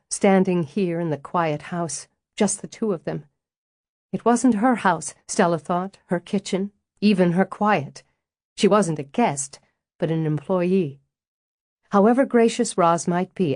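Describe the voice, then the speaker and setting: Woman narrator, low voice, dry close sound, measured audiobook reading. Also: a little mellow, no echo. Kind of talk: scripted narration.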